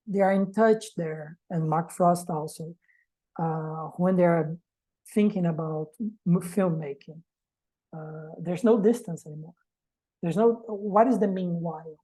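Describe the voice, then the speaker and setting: Low, mellow-voiced woman presenting. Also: poor audio. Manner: reflective, poses rhetorical questions. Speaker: reading group presenter. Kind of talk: academic presentation.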